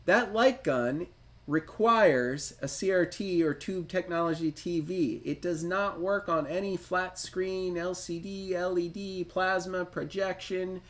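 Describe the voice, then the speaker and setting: A man hosting a retro gaming livestream, reading a game manual aloud and riffing on it in a chatty, self-deprecating way. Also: high voice. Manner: chatty, self-deprecating, reads instructions then riffs on them.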